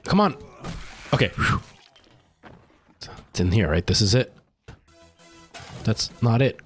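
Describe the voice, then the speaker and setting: Fairly low in pitch and very animated, this male streamer speaks at a slow pace over soft background music. Jumpy and anxious, he talks himself through the game live, occasionally slipping into a nervous whisper.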